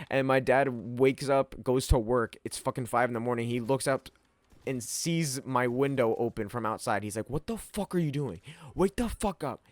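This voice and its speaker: Talking casually to camera, a young man rambles through a personal tale, laughing, cursing and using plenty of slang. His medium-pitched voice comes through on a dry recording.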